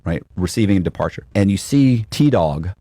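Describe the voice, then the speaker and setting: A man telling a story in a casual chat, animated and swearing, acting out the voices of others. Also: low voice, normal speed, no room sound. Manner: animated, acts out quotes, swears. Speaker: guest telling his story.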